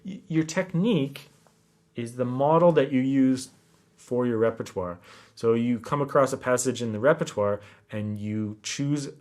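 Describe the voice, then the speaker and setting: A man giving a classical guitar lesson, explaining technique in a relaxed way and counting beats aloud. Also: medium pitch, a little slow. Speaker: guitar teacher. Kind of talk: instructional lesson talk. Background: classical guitar playing.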